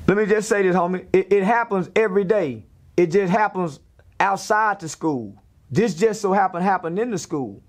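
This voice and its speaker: A man's voice: sits high, normal speed. A man giving a blunt, preachy rant in a podcast interview, firing off rhetorical questions. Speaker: interview guest.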